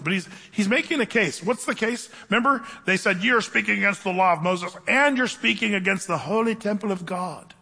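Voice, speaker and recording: A man preaching a conversational sermon, teaching the Bible to his congregation and slowing down to read scripture aloud. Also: high voice, sharp tone, slightly rough. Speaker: pastor. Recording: reverberant hall.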